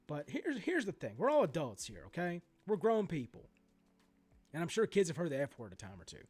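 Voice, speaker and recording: A man's voice: on the high side, fairly quick, husky. A man in his forties ranting in a vlog about sports card prices, swearing freely and going off on asides and restarts. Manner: animated, profane ranting with many asides and restarts. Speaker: sports card collector vlogger.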